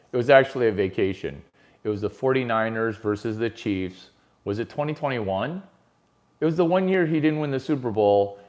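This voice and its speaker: A man doing a rambling stand-up monologue, brash and profane, swinging from mutters to shouts. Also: on the low side. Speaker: comedian.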